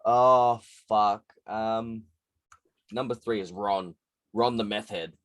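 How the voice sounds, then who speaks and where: A man co-hosting a podcast in animated, sweary casual chat. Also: on the low side, takes it slowly, no echo. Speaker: podcast co-host.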